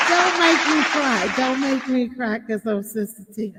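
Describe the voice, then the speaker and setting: A woman hosting a casual live-stream, talking back to her chat in a chatty, emotional way and often bursting into loud laughter. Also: high voice, big-room sound, heavy background noise. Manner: chatty, many fillers like "you know what I'm saying". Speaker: channel host reading live chat.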